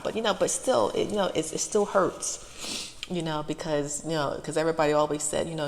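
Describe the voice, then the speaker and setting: A woman with a deep, gravelly voice talks in a halting, soft-spoken ramble from her parked car. She is close to tears and repeats herself often, with a long reverb trailing behind her. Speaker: ASMR channel host.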